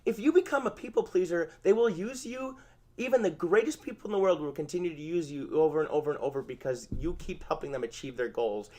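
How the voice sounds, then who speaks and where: A man's voice: a little high, darkish tone. A man hosting an informal spoken lesson on therapy skills, talking conversationally and acting out sample phrases. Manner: conversational, acts out sample phrases, self-correcting. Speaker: channel host teaching therapy skills.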